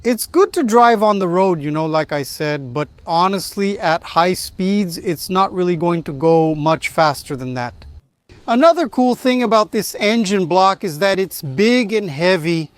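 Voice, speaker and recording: A man's voice: high voice, animated, a little slow, dry recording. A man from Brazil chatting enthusiastically about his classic car in a casual vlog. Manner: enthusiastic, chatty, says man and you know often. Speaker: car vlogger.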